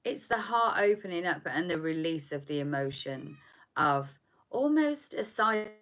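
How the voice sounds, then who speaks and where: A woman giving a spiritual tarot reading, soft and meandering, often repeating words as she searches for them. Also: low-pitched, expressive, unhurried. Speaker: tarot reader.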